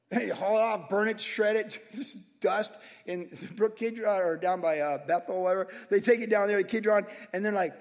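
A man preaching a sermon as pastor, emphatic and animated, repeating phrases for stress. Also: high-pitched, fast, big-room sound.

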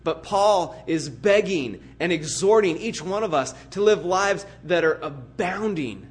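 A man with a somewhat high voice preaches to his church. He speaks in an earnest, emphatic way and builds vivid everyday pictures to make his point. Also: expressive, measured pace. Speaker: pastor. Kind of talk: sermon.

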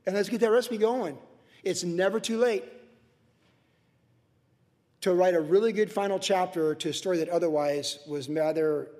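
An older man preaching a sermon from the pulpit in an earnest, emotional way, swinging from soft to loud. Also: sits high, big-room sound. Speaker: pastor. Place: church sanctuary.

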